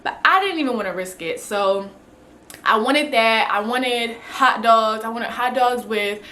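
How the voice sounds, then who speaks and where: A woman's voice: fairly high pitch, a little slow, sharp tone, slight background noise. A young pregnant woman chatting casually in a vlog, rambling with lots of fillers. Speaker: vlogger.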